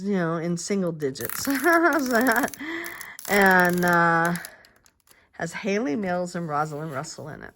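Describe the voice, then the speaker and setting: An older woman on the low side of pitch talks at a moderate pace with lively intonation, crafting in her quiet home space. This vlogger's casual chat rambles with plenty of fillers and restarts, and her soft-spoken voice drops to a murmur as she concentrates.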